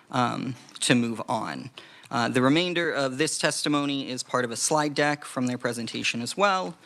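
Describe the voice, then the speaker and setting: A man's voice: mid-range voice, a bit bright. Man briefing a committee with fillers. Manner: measured, hedging with frequent fillers. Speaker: legislative staff presenter. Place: legislative committee room.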